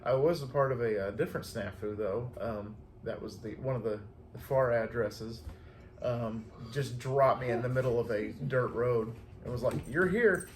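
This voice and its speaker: A man's voice: mid-range voice, steady tone, moderate pace, darkish tone, reverberant, a little hiss or hum. A man, a flower delivery driver, casually telling stories from his day, chatty and laughing often. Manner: chatty, laughs often, acts out quoted voices. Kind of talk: casual storytelling chat.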